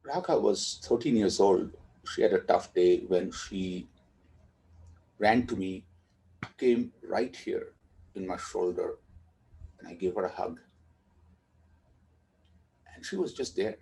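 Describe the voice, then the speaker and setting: A man's voice: low voice, takes it slowly, creaky, pauses often, warm tone, poor audio. A man in a documentary interview, reflectively telling a story about his daughter. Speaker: father telling a family story.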